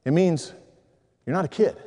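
A middle-aged man preaches to a room of men with a high, lively voice. He tells animated stories and acts out the other people in them. A long reverb trails his voice, as in a big hall. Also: moderate pace. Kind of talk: sermon to men.

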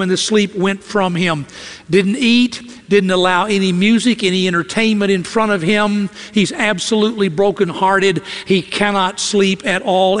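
Man, preacher, sermon, emphatic storyteller, high voice, long church reverb. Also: fairly bright tone. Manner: emphatic, dramatic storytelling with repetition.

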